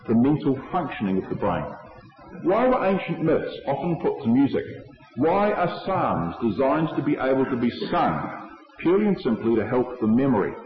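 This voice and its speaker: A man delivers a measured, explanatory sermon to a congregation. His voice rings through a large reverberant hall, and the recording sounds dull and lo-fi. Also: medium pitch. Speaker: preacher.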